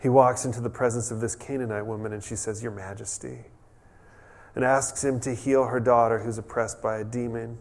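A man preaching a conversational sermon as a pastor, relaxed and chatty, restarting sentences and adding humorous asides. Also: mid-range voice, brisk, hardly any pauses.

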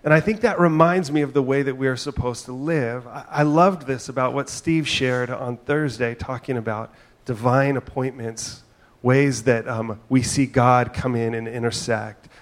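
A man's voice: mid-range voice, moderate pace. A middle-aged man preaching a sermon as pastor, talking in a conversational, storytelling way with asides and frequent "right?".

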